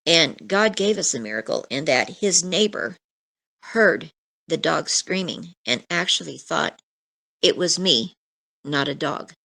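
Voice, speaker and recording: A woman's voice: on the low side, vocal fry, fairly bright tone. A middle-aged woman, an interview guest, earnestly recounting a frightening personal encounter, with many asides. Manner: earnest, emotional storytelling with many "you know" asides.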